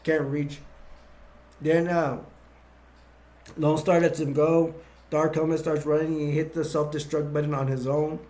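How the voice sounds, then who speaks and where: A man's voice: a little high, flat delivery, moderate pace, dark tone. A man casually retelling movie scenes scene by scene, rambling and restarting as he goes. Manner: rambling, full of fillers and restarts. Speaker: movie reviewer.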